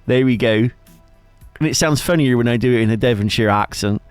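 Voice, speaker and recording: A man's voice: mid-range voice, fast, dry recording, soft background music. A man bantering casually on a livestream, reading out chat and joking around. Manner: jokey, rambling, chat-reading. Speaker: streamer co-host.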